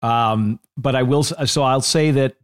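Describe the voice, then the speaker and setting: A man co-hosting a wrestling podcast, giving measured, analytical takes with dry asides. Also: mid-range voice, clean tone, dry recording. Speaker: podcast co-host. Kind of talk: casual wrestling podcast chat.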